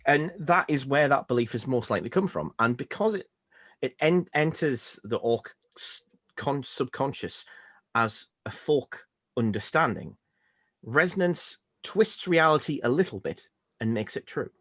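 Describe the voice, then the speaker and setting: A man's voice: medium pitch, lively intonation, unhurried, a bit bright, no echo, clean studio sound. A man with a Northern English accent, co-hosting a podcast in casual, rambling, jokey chat. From Northern England. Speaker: podcast co-host.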